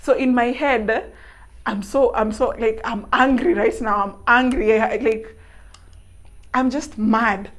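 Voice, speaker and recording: A young Kenyan woman vlogger telling a story to camera in an animated, laughing way. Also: fairly high pitch, a little slow. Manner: animated, laughing, mixing in local words.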